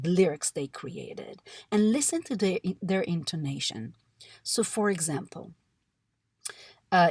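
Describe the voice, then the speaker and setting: A woman with a somewhat low voice walks listeners through a technique in an instructional presentation. Her delivery is measured and explanatory, dotted with small fillers. The recording is dry and close, with no room sound. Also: slightly rough, no echo. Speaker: music therapist.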